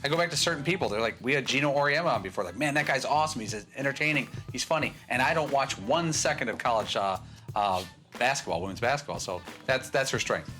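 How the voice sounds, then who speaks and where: Bright-voiced man co-hosting. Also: medium pitch, animated, fast talker, faint music behind. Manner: rambling, self-deprecating. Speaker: co-host. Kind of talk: casual studio banter.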